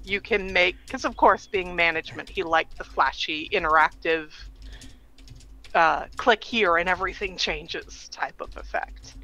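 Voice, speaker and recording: A woman's voice: fairly low pitch, measured pace, bright, forceful tone, low-quality recording. A woman calling into a live stream, explaining her work in a friendly, casual way. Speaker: caller. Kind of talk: casual conversation.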